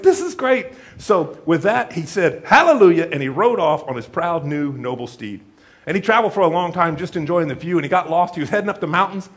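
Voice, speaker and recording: A man preaching a sermon in a church, telling a folksy joke story and acting out the voices of its characters. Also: high voice. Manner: animated storytelling with acted-out voices; jokey, folksy. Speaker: pastor.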